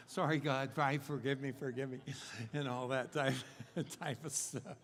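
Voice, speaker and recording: A man's voice: medium pitch, fairly even intonation, slow pace, long pauses, a bit bright. An older man preaching a humorous sermon, rambling and joking with many fillers and restarts. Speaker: guest preacher. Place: church sanctuary. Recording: long hall reverb in a church.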